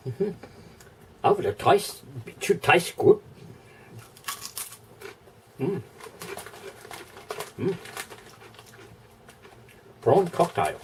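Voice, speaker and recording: A man's voice: on the high side, big pitch swings, extremely slow, long pauses, darkish tone, distant mic, slight background noise. An Australian man chatting casually in a vlog, rambling, thinking aloud and chuckling often, recorded indoors. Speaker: vlogger. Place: indoor room.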